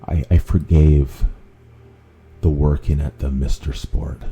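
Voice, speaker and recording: A man's voice: rumbling low, vocal fry, mellow, slightly rough. A man hosting a podcast, telling a personal story in a rambling, conversational way, with many fillers and restarts. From Vancouver. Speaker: podcast host.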